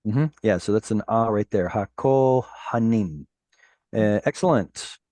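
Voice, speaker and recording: A man teaching a Hebrew class over a video call, patiently explaining words and reading verses slowly. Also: lowish voice, expressive, a little mellow, no echo.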